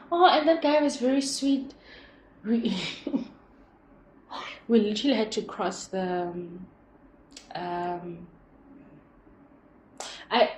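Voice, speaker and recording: A young woman hosting her own show, telling personal stories in a rambling, expressive, reflective way. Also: medium pitch. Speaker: podcast host. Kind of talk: personal storytelling monologue. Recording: echoey room with faint background hum.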